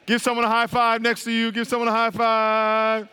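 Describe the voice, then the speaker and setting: High-voiced preacher quizzing his congregation. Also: completely flat delivery, normal speed, pushed and bright, smooth. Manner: repeats questions, quizzes the crowd, laughs often. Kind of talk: call-and-response Bible teaching. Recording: long hall reverb.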